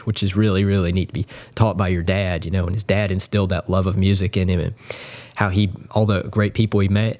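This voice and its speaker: An earnest man speaks casually in a fairly low voice, rambling and full of admiration. He talks as a guitar YouTuber addressing his viewers. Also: darkish tone. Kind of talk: casual spoken tribute.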